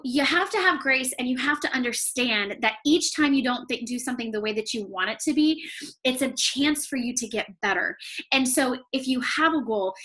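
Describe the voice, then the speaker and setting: A woman's voice: high voice, pushed and bright. A woman giving a motivational talk to her sales team, chatty and full of "like" and "okay?", at times close to tears. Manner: emotional, near tears at times.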